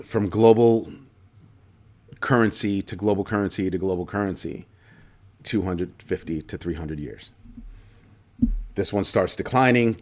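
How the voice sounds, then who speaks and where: A man with a somewhat low voice hosts a livestream commentary. He talks emphatically, hammering his points by repeating key phrases. He breaks off now and then to answer viewer comments. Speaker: show host.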